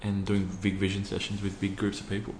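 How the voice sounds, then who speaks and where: A man's voice: on the low side, completely flat delivery, brisk, darkish tone, echoey room, a little hiss or hum. A man with an Australian accent speaking in an interview, earnestly telling a personal story with many ums. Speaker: interview guest, youth program founder.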